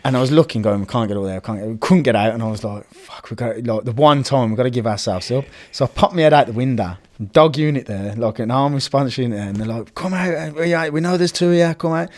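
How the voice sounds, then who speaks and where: A man, a guest telling casual, animated stories and acting out the voices of people he quotes. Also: mid-range voice, fast talker, hardly any pauses. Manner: animated, acts out quoted voices, frequent swearing. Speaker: urban explorer guest. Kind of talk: casual storytelling chat.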